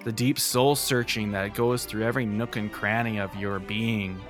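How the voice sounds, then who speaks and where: Low-voiced, self-mocking podcast guest. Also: male voice, steady tone, moderate pace. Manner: self-mocking, jokey, theatrical. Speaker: podcast guest, game composer. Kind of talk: casual podcast chat. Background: music.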